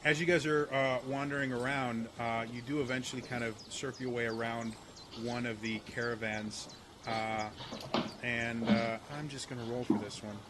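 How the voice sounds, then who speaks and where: A man narrating as game master in a laid-back, halting way. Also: medium pitch, level tone, noisy background.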